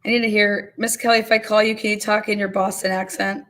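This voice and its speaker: A woman's voice: mid-range voice, flat delivery, quick pace, fairly bright tone. A woman hosting a casual livestream, calling bingo games and reading viewer comments aloud with frequent laughter. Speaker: livestream host.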